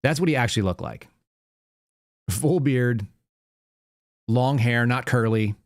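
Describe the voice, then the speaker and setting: A man's voice: mid-range voice, slow pace, no echo, clean studio sound. A man hosting his own show, talking casually in a monologue and often repeating words as he restarts. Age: adult with young child. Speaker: podcast host.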